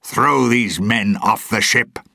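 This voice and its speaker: A man voicing a cruel, commanding ship captain who speaks in slow, menacing tones. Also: lowish voice, gravelly, bright, forceful tone, a little hiss or hum, voice pushed up, heavily acted.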